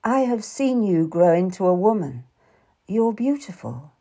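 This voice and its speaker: A woman reading the lines of a calm, tender young Tudor man who is courting, in an audiobook. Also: medium pitch, a little slow. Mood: earnest. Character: young Tudor man, earnest gentle suitor.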